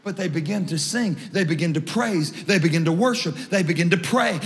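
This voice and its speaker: A man preaching a sermon as pastor, joking with the congregation and rising to shouts at key points. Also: a little fast, few pauses. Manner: humorous, animated preaching; rises to shouts at high points. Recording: long hall reverb.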